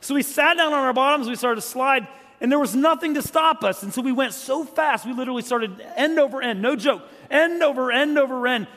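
Speaking briskly from the stage of a church sanctuary, a middle-aged guest preacher from South Carolina delivers a humorous storytelling sermon in a voice pitched high for a man. His joking, conversational manner moves between loud stories and quiet earnest moments, and a long hall reverb follows his words.

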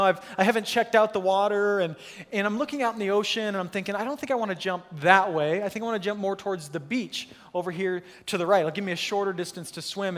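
A man in his thirties, a pastor telling a story in a lively, self-mocking sermon at church. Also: high voice. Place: church hall. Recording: long hall reverb.

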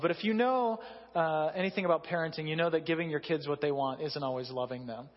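A man with a high, light voice preaches casually, telling stories about himself. The sound is dull and lo-fi, with a long reverb from a large hall. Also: brisk. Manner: conversational, self-deprecating storytelling. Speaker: pastor. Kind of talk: sermon.

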